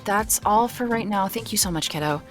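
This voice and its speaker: A woman's voice: medium pitch, brisk, soft background music. A woman running a tabletop role-playing game as game master, narrating in a rambling way with lots of fillers and restarts. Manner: rambling with many fillers and restarts, searching for words.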